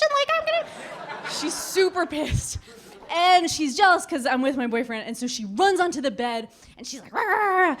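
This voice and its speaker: Young woman telling a wild story on stage, voice jumping all over, handheld mic. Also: high-pitched. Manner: animated storytelling, acting out voices. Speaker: stand-up comedian. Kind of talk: stand-up routine.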